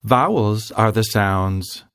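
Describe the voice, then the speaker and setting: A man narrating a scripted grammar lesson in a slow, careful, explanatory way. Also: on the low side, a bit bright, clear, resonant tone, no echo, clean studio sound. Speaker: language tutor.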